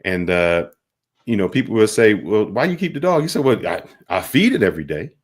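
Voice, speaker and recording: A man's voice: fairly low pitch, sing-song, brisk. A man hosting a talk podcast, telling a simple parable in plain casual speech. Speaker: podcast host. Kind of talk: reflective storytelling.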